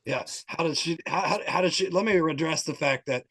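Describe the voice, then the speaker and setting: A man's voice: fairly high pitch, fairly quick, fairly bright tone, husky. A man joking around on a podcast, riffing and dropping into mock voices. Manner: jokey, riffs with mock voices. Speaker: podcast guest. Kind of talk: casual podcast chat.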